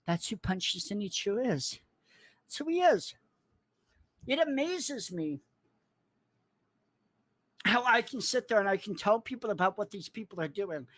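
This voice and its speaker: A man in a furious, profanity-laden livestream rant, cursing, threatening and mocking people in a squeaky put-on voice. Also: lively intonation, measured pace, long pauses, a bit bright, no room sound. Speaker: online commentator.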